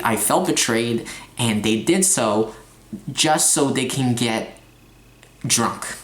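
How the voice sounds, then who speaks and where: A young man in a confessional vlog rant, talking in halting bursts with stumbling restarts and frequent swearing. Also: mid-range voice, reverberant. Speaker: vlogger. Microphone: phone.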